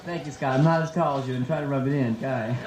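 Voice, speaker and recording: A man in his twenties from San Francisco, USA, does stand-up comedy in a nightclub, playfully teasing the audience through crowd work. His voice is medium-pitched and fast. The echoey club recording is full of loud crowd noise.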